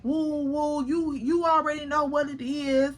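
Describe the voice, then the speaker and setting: A woman's voice: high voice, flat delivery, measured pace, slight background noise. A woman voicing an attention-loving young woman hyping up a party crowd with chants. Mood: hyped. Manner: hyped, chanting.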